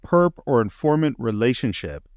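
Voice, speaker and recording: A middle-aged man talks through a movie scene by scene with eager enthusiasm, in an even, mid-range voice. The sound is dry and close, with no room around him. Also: medium pitch, normal speed, no echo. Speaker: podcast co-host. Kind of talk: casual film discussion.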